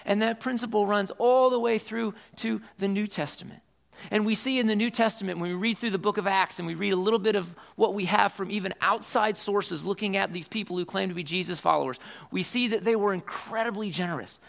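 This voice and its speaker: A man delivers a church sermon in a high, gravelly voice. He is earnest and reads scripture aloud, often doubling back on his words mid-sentence. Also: a little fast. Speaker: pastor.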